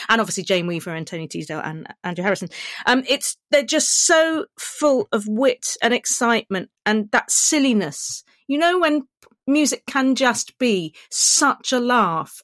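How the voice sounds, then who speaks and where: A woman's voice: medium pitch, a bit bright, no echo. Enthusiastic female co-host, dry sound. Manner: enthusiastic and playful, quick to laugh. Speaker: podcast co-host. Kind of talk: casual chat about music.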